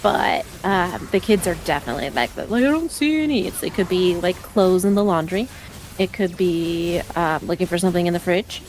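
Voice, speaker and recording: A young adult woman streams a game and chats casually into a desk mic, laughing often as she rambles through anecdotes. Her voice is on the low side and darkish, at a normal speed, with a little hiss or hum in the background.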